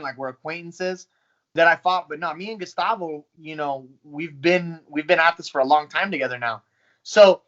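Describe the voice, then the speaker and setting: A man in his thirties, a professional fighter, telling his story in a casual, profane, animated way. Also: high voice, muffled recording. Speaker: pro fighter. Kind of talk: casual interview talk.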